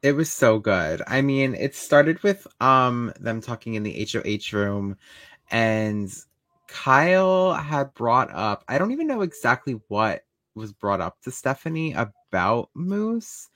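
A woman co-hosting a casual recap chat, lively and quick to jump in with details. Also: very deep voice, no echo. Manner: lively, laughing, jumps in with details. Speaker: podcast co-host.

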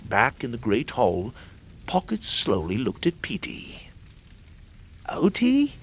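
A man narrating a children's audio story, with expressive storytelling. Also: a little slow, husky. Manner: expressive storytelling with lively pitch.

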